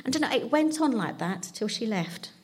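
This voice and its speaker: A woman's voice: on the high side, sing-song, moderate pace, husky. A woman, giving a chatty, self-deprecating personal testimony at church. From London. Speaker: church speaker.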